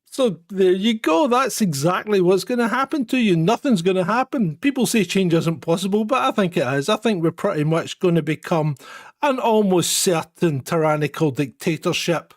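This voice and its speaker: A man's voice: sits high, animated, moderate pace, no room sound, clean studio sound, pitched above the performer's own voice. A Scottish man playing a pompous politician who gloats about becoming a dictator, in a sneering mock-menacing New Year speech. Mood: gloating. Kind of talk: satirical parody speech.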